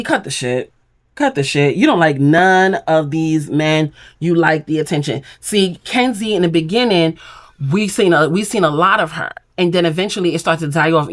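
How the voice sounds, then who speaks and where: A woman recapping a reality show in casual chat, blunt and opinionated, acting out what the cast said. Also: fairly low pitch. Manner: blunt, sassy, opinionated, acts out quotes.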